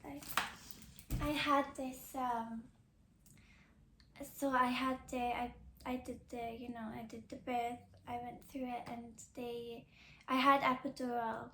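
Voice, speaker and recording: A woman's voice: on the high side, level tone, slow, long pauses, a bit bright, roomy sound, a little hiss or hum. A young woman hosting a podcast, chatting casually and rambling with lots of filler words and restarts. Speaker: podcast host. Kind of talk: casual chat.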